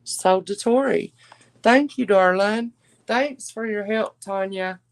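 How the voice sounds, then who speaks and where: A woman's voice: mid-range voice, takes it slowly, dry recording. A woman hosting a live-stream jewelry auction, chatting with viewers and calling them darling. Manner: chatty, warm endearments to viewers.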